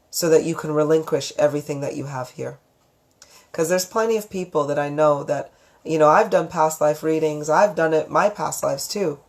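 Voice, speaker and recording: A woman hosting a live psychic stream, talking in a calm, gentle, affectionate way as she counsels viewers on relationships and reads out their comments. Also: low-pitched. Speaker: psychic reader and channel host.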